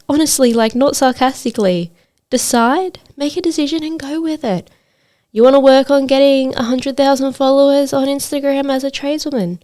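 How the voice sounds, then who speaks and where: A woman's voice: high-pitched, fairly even intonation, moderate pace, dark tone. A woman hosting a solo podcast as a trades coach, talking in an earnest, motivational way with frequent fillers.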